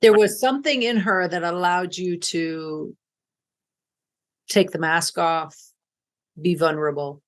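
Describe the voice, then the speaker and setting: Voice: mid-range voice, steady tone, unhurried, long pauses. A podcast host interviewing a guest attentively, giving brief affirming murmurs and asking thoughtful follow-up questions.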